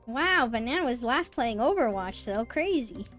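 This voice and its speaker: Bubbly woman streamer, higher voice, chatty and giggly with her viewers. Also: normal speed, soft background music. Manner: bubbly, squeals with excitement, then mutters softly. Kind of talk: casual live-stream chat, reading chat aloud.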